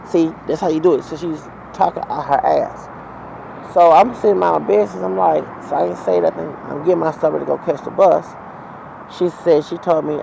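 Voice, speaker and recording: A man's voice: fairly high pitch, fairly even intonation, brisk, vocal fry. A man telling a heated, profane, rambling story as a vlogger, outdoors near traffic. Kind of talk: ranting storytime monologue.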